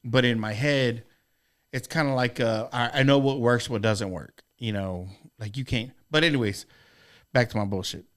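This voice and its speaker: A man in middle age talks casually on a podcast, winding through a story with plenty of swearing and restarts. His voice sits at an ordinary pitch, and he sounds sincere rather than polished. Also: moderate pace. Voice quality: profane, rambling, earnest. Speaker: podcast co-host.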